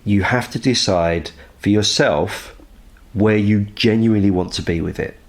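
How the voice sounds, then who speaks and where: A man with a very low voice gives firm, emphatic advice as a publishing consultant. He presses his points home steadily, guest-style. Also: measured pace. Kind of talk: advice talk.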